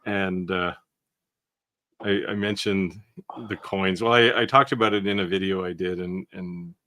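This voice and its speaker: A man co-hosting a live maker Q&A in casual chat, explaining technical details in a plain, matter-of-fact way. His voice is low-pitched and recorded close and dry, with no room echo. He talks like a hands-on maker sharing what has worked for him. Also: fairly even intonation, measured pace, sharp tone.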